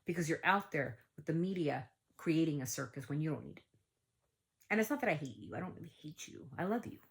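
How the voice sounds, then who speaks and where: A middle-aged woman talks straight to her viewers in a casual vlog, earnest and preachy. Her voice sits on the low side, and she circles back over her points with emphasis. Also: expressive, fast talker, creaky. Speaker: channel host, parent. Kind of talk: casual vlog talk to camera.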